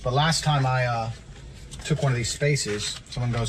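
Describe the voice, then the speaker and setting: A man's voice: medium pitch, moderate pace, background noise. A man with a boastful, profane and mocking manner, delivering a brash ranting monologue. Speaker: internet personality in viral clips.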